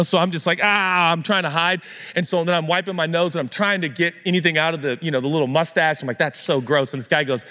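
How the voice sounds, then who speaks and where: A man's voice: on the high side, long reverb tail. A man preaching a sermon as pastor, telling self-mocking stories and acting out voices, in a church. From United States. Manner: animated, self-mocking storytelling with acted-out voices. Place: church auditorium.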